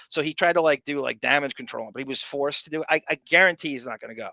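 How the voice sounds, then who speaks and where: A man's voice: a little high, fast talker, vocal fry, few pauses, bright, forceful tone, no echo, low-quality recording. A man with a Philadelphia accent hosting a podcast, riffing sarcastically on old radio clips. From Philadelphia area. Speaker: podcast host. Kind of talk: casual commentary on show clips.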